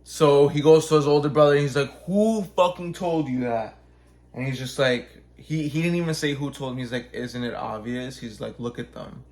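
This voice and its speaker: Give me a man in casual chat with a mid-range voice. He tells a rambling, profane story, leans on "like" and restarts, and jumps into quick character voices. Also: mid-range voice, steady tone, darkish tone. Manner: acts out characters with quick voice changes.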